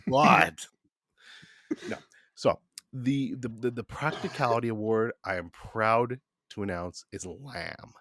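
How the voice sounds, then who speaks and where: A man's voice: lowish voice, a little slow, fairly bright tone, dry recording, clean studio sound. A man co-hosting a casual podcast, playful and rambling with many restarts. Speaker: podcast co-host. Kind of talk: casual chat.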